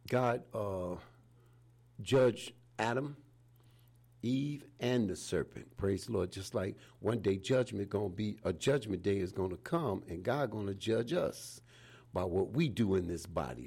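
Gravelly old preacher, folksy. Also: male voice, on the low side, darkish tone. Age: 70s. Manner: folksy, repeats "praise the Lord" between phrases. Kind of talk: informal sermon.

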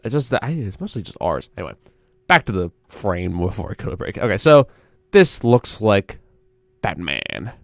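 A man's voice: lowish voice, sing-song, moderate pace, no room sound. A young man hosting a college radio show, chatting alone in a rambling, self-interrupting way into a studio mic. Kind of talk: casual solo radio chat.

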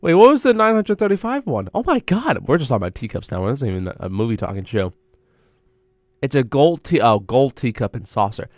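A man's voice: mid-range voice, very animated, a little fast, no room sound, clean studio sound. A young man hosting a college radio show, rambling and correcting himself as he thinks aloud in a casual solo chat.

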